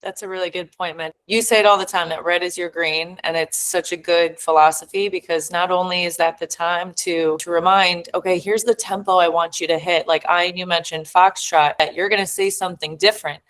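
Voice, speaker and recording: A woman's voice: on the low side, steady tone, fairly quick, few pauses, a bit bright, rough recording. A woman who is a fitness coach, asking questions and sharing her coaching experience in a conversational way. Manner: conversational, reflective, thinks aloud. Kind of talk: coaching panel discussion.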